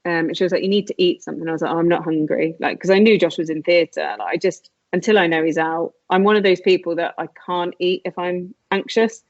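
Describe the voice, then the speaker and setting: A woman's voice: on the low side, steady tone, fast talker, few pauses, no room sound. A woman, a podcast guest, earnestly telling a personal story and acting out the dialogue in a raised voice. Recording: dull lo-fi, dry sound.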